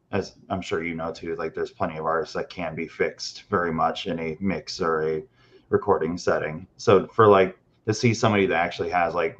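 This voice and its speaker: Deep-voiced man, muffled lo-fi. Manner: filler-heavy, thoughtful. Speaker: podcast co-host. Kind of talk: casual podcast interview. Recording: dull lo-fi sound.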